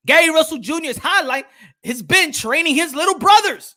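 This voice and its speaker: A man hosting a live boxing stream, loud and animated, trash-talking fighters and hyping his viewers. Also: very high voice, normal speed. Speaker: boxing commentator.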